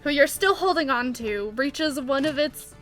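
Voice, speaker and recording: Woman dm, high bright voice, takes her time, faint music under it. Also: lively intonation. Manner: playful, laughing, unhurried. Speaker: game master. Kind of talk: narrating a tabletop game.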